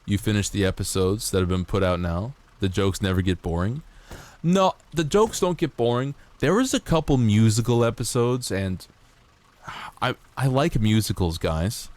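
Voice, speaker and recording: Animated, joking male streamer. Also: lowish voice, moderate pace. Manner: animated, swearing, joking, reads text aloud. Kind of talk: casual gameplay commentary. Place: home streaming setup.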